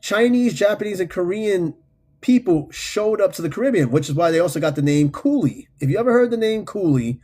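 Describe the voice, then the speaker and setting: A man hosting a podcast, chatting casually and reading out listener comments in a loose, profane, animated way. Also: sits high, fairly quick. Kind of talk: casual unscripted chat.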